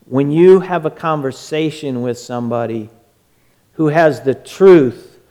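A man's voice: on the high side, a little slow, dark tone. A man preaching a sermon as pastor, emphatic and drawn out, often repeating words. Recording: echoey church hall.

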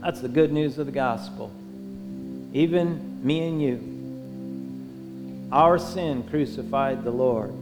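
Speaking slowly and pausing often, a male pastor with a medium-pitched voice preaches a passionate, repetitive sermon whose cadence rises and falls. He's in a church sanctuary, recorded with long hall reverb and music underneath.

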